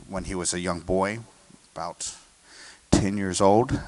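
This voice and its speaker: An American man, a guest conductor, explaining a symphony in an interview and singing snippets of melody to make his points. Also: deep voice. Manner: sings and hums melodies to illustrate points.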